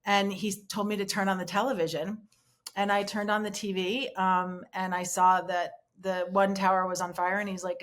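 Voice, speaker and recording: A middle-aged woman, an interview guest, recounting a painful personal memory in a halting way with many pauses and restarts over a remote call. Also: medium pitch, level tone, a bit bright. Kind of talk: emotional personal recollection.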